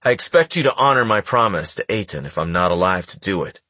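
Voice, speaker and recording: Male reader voicing a grave young crime-clan boss, low and husky, audiobook. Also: animated, quick pace, pushed and bright, no echo, heavily acted. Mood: grave, stern. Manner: firm, somber.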